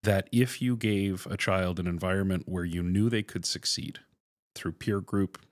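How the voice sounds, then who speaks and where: A man's voice: low voice, steady tone, normal speed, dry recording, studio quality. A man hosting a podcast interview, speaking earnestly and searching for his words. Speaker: podcast host.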